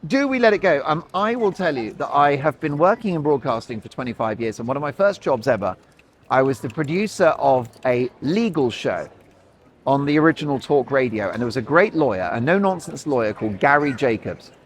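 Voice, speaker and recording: A man's voice: medium pitch, lively intonation, brisk. Rambling sarcastic male host. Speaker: talk show host. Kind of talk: opinionated commentary. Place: outdoors.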